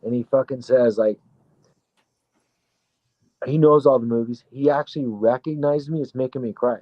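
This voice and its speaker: A man's voice: medium pitch, moderate pace, no echo, highs cut off. Rambling, profane storytelling man. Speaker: guest actor. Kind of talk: casual storytelling.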